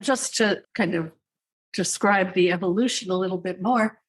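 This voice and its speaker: An older woman speaking as a psychiatrist guest in an interview, telling her story in a measured, thoughtful way with dry asides. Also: on the low side. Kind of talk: reflective interview answers.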